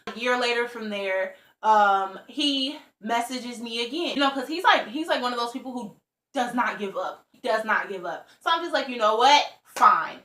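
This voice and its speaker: A woman's voice: a little high, lively intonation, moderate pace, a bit bright. A young woman vlogger telling a casual storytime, chatty and full of "like" and "you know". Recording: roomy echo.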